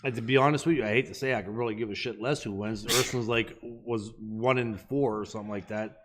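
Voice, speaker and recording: A man's voice: medium pitch, steady tone, fast, noisy background. A man co-hosting a podcast, telling a rambling, profane story in casual chat. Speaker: podcast co-host.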